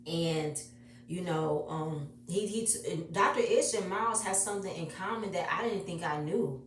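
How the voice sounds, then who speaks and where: A woman's voice: on the low side, moderate pace, slight background noise. Chatty woman recapping in an echoey room. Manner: chatty, emotional, repeats herself. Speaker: reality TV reviewer. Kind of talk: casual episode recap. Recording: echoey room, distant mic.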